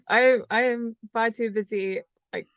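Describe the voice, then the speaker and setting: Higher-voiced giggly woman, dry sound. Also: smooth, no room sound, highs cut off. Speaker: tabletop game player. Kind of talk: casual play and chat.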